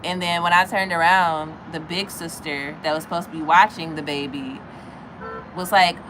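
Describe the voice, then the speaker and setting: A woman in her thirties tells a story to her viewers in casual chat, animated and quick to act out other people's lines in a high voice. Her tone is bright and crisp. Faint noise hums behind her. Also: poor audio. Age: 30s. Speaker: livestreamer chatting with viewers.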